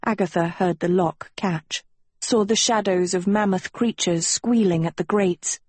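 Slow, breathy woman narrating a story. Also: fairly low pitch, fairly even intonation, a little mellow, no echo. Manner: measured, unhurried storytelling. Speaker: audiobook narrator. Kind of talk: scripted narration.

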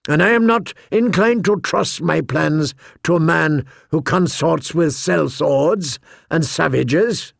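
A man voicing a cold, calculating older lord who speaks in a measured, expressionless way. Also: fairly high pitch, vocal fry, no echo, studio quality, exaggerated voice. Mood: dismissive. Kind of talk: audiobook character voice.

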